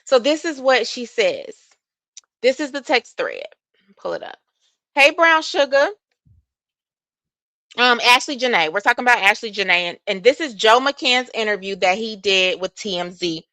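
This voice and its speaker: A woman talking casually on a livestream with a bright, forceful edge to her voice. She reads messages aloud and comments on them straight to her viewers. The sound is dry and close, with little room around it. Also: a little high, animated, moderate pace, pauses often, no room sound. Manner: reads text messages aloud and reacts with opinion; addresses viewers directly as y'all.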